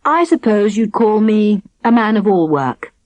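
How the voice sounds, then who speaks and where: A woman's voice: medium pitch, sing-song, a little slow, darkish tone, no echo, muffled recording, voice pushed up. A woman voicing a shy, kind young man who works as a castle servant, friendly and a bit bashful.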